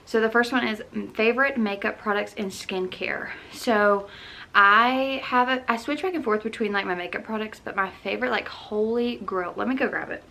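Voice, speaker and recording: A young woman with a bright, forceful voice, talking casually into her camera at home. She rambles in a relaxed, chatty way, filling gaps with "um" and "like". A faint hum of noise sits under her voice. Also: mid-range voice, normal speed, gravelly. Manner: chatty, lots of "um" and "like". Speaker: lifestyle vlogger. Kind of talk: casual chat Q&A.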